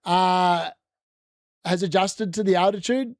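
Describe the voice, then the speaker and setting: A man hosting a casual live football watchalong, excitable and shouting when goals go in. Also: high-pitched, takes it slowly, no room sound, clean studio sound. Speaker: watchalong host. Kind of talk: casual live match commentary.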